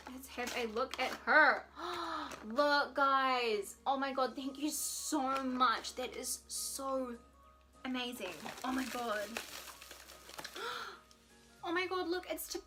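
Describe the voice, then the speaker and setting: A woman vlogger at home unboxing gifts, gushing and excitable with frequent giggles. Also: high-pitched, slow pace, over music. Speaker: beauty vlogger. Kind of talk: casual unboxing vlog.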